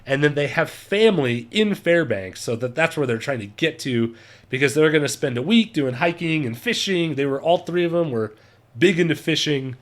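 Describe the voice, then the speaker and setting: A man telling a travel story in casual vlog style. His voice sits slightly high, and he talks in a chatty way, laughing often. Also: expressive, moderate pace. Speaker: travel vlogger.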